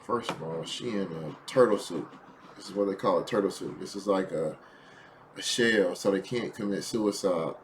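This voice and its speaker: A man's voice: sits low, normal speed, a little hiss or hum. A man hosting a reaction video, talking casually and incredulously in colloquial speech.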